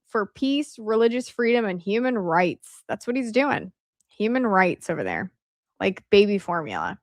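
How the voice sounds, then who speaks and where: A woman's voice: fairly high pitch, a bit bright, dry recording, studio quality. A woman giving casual, sarcastic commentary as she reads from old websites, breaking into laughter and asides. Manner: sarcastic asides, laughs while reading aloud. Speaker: political commentary podcaster.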